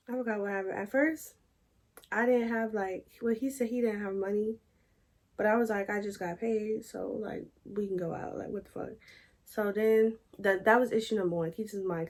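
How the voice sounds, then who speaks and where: A young woman telling a personal story in a chatty, animated way and addressing viewers as y'all. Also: medium pitch. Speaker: storytime vlogger. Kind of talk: casual storytelling to camera.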